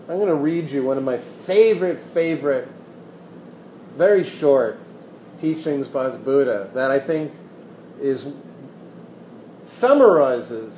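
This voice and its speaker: A man giving a dharma talk as a meditation teacher, telling a teaching story in an unhurried way with wry asides. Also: medium pitch, a little hiss or hum. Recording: echoey room, dull lo-fi sound.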